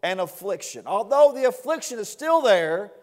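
A man preaching an impassioned sermon to a responding congregation, repeating words in rhythmic bursts that build to shouts. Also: high-pitched, very animated, normal speed. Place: church sanctuary with long reverb. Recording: reverberant church hall.

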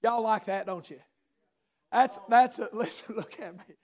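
High-voiced preacher shouting sermon. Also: male voice, a little slow. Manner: calls out "amen" often, chants and shouts rhythmically. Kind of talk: fiery revival sermon.

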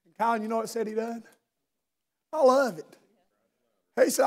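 Man, preaching in church, high-pitched, fervent, calls on people by name. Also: normal speed. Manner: impassioned, swings from loud shouting to low intimate speech; addresses listeners by name, rhetorical questions. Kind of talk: sermon. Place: church service.

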